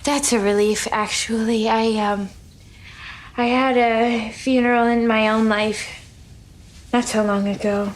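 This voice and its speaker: An actress voices a nervous young American au pair from a television drama. She talks in a halting, unsure way and often breaks off mid-thought. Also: on the high side, level tone, slight background noise, natural voice. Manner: hesitant, halting.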